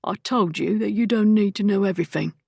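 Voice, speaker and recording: A bossy street thug with rough, threatening speech and a sneer in every line, as a woman narrator puts him on. The voice is gravelly and close, on a dry recording. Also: medium pitch, fairly quick, a little mellow, dry recording. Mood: menacing. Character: rough-spoken male thug, menacing and bossy.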